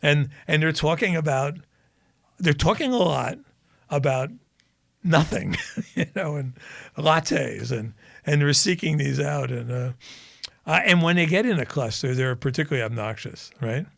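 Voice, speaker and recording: A man's voice: fairly high pitch, expressive, a little slow, vocal fry, a bit bright, dry recording, studio quality. A man co-hosting a podcast, chatting casually and telling rambling anecdotes while laughing at his own jokes. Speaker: podcast co-host. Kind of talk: casual chat.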